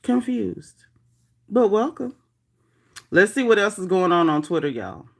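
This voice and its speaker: A woman hosting a casual livestream, reading viewer comments aloud in a chatty, animated, folksy way. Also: lowish voice, normal speed. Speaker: livestream host reading chat. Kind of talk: casual live chat.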